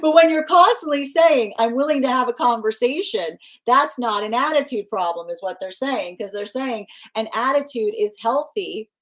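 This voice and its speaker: A woman's voice: fairly high pitch, expressive, moderate pace, few pauses, a bit bright. A woman giving a live tarot reading, rambling and emphatic, with frequent restarts and repeated phrases. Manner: emphatic, insistent. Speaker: tarot reader.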